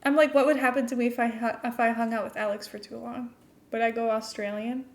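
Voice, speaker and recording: A woman's voice: on the high side, fairly even intonation, fast. Giggly young woman with an international-school American accent. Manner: chatty and giggly, answering chat between building tasks. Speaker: streamer. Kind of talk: casual chat while playing a game live.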